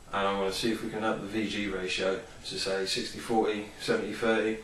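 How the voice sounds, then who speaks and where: A man's voice: on the low side, slight background noise. A man reviewing a product in a casual, rambling vlog, full of ums and enthusiasm. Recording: roomy, distant from the mic.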